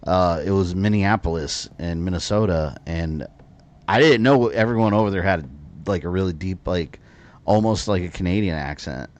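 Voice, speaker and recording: A man's voice: low-pitched, normal speed. An American man from Florida, chatting and rambling through live gameplay commentary as a streamer, often drifting off into side stories. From Florida, USA. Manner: chatty, rambling, wanders off on tangents.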